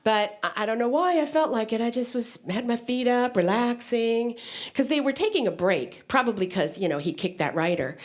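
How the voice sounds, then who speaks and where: A woman comedian telling stories on stage in an animated stand-up delivery. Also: normal speed. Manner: animated storytelling with wide pitch swings.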